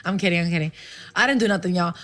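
A woman's voice: lowish voice, racing, a bit bright. A woman in her twenties hosting a casual live-streamed talk show, goofy and teasing, often joking that she is kidding. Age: 20s. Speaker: show host.

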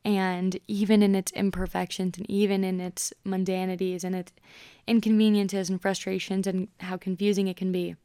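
Twenty-something girl podcasting, super casual and chatty, pretty flat melody, dry close sound. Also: medium pitch, moderate pace, smooth, no room sound. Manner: chatty, upbeat, many "like" fillers. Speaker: podcast host. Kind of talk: casual solo podcast talk.

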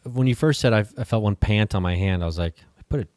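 A man's voice: on the low side, fast, a little mellow, no echo, studio quality. A man co-hosting a casual chat, joking and playing with words. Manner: joking, playful wordplay. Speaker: podcast co-host.

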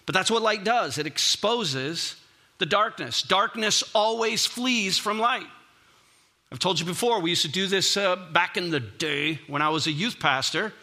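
A man's voice: high voice, unhurried, pushed and bright. A man preaching a sermon as a pastor, conversational and emphatic, often repeating words for stress.

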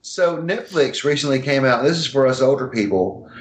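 A man's voice: medium pitch, expressive, normal speed. A man co-hosting a podcast, laid-back with dry teasing. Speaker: podcast co-host. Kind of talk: casual podcast chat. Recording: roomy echo.

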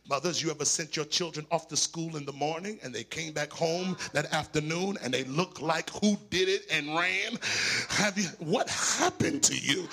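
Raspy preacher man, high and lively. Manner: preaching, rising to shouts and sing-song cadence. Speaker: pastor. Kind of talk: sermon.

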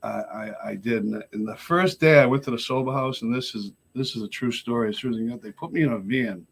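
A man from Lowell, a podcast guest telling his recovery story in a casual chat, animated and blunt, acting out the voices of the people in it. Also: quick pace, gravelly, husky. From Lowell, Massachusetts.

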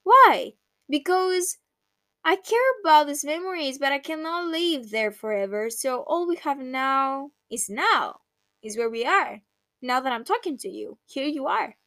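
A woman's voice: high-pitched, expressive, a little slow, sharp tone, no room sound. A young woman hosting a reflective personal monologue, candid and emotional, swearing casually. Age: young adult. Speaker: podcast host.

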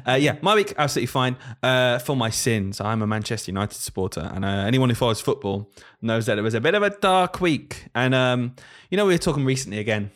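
A man's voice: medium pitch, quick pace, few pauses. Easygoing British man teacher. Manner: easygoing, teasing banter, narrates anecdotes calmly. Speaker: podcast co-host, primary school teacher. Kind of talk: casual chat.

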